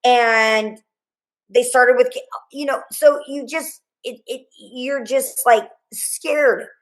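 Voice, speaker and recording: A middle-aged woman being interviewed, recounting a frightening night in a rambling, halting way, full of restarts and quoted dialogue. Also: a little high, steady tone, low-quality recording. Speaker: guest, mother of a murdered student. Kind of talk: emotional interview storytelling.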